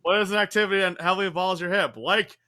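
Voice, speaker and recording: A man's voice: sits high, steady tone, fast, sharp tone. A man explaining and calling on players for an improv game over a video call, with rambling self-deprecating asides.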